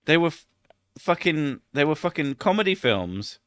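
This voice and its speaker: A man's voice: a little high, big pitch swings, a bit bright, clean tone, no echo. British man rambling crudely on a stream. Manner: rambling, crude and swearing, quick to laugh. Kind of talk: casual live-stream chat.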